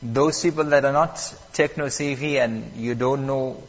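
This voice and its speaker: A man teaching Quran recitation at a mosque, calm and patient, repeating and stressing the key points. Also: medium pitch, unhurried, long reverb tail, muffled recording. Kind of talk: lesson on Quran recitation rules.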